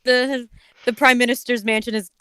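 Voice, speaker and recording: A woman's voice: on the high side, little pitch movement, moderate pace, sharp tone, smooth, dry recording. A woman giving sarcastic, swearing commentary as a co-host on a comedic reading.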